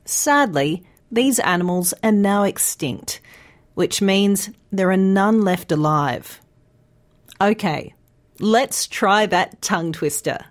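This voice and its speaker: A woman teaching English pronunciation in a scripted podcast lesson, speaking slowly and enunciating every sound carefully. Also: medium pitch, expressive. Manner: slow, clear, carefully enunciated.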